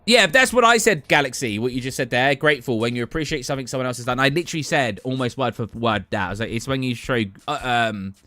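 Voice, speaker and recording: A man's voice: mid-range voice, fast talker, hardly any pauses, sharp tone, dry recording. A man from England with an English accent, chatting casually and laughing often to a live-stream audience.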